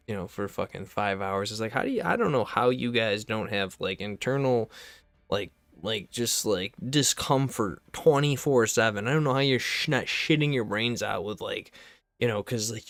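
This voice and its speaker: Low-voiced profane streamer ranting. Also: male voice, dry recording. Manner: profane, rambling, animated. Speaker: gaming streamer. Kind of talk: casual streaming rant.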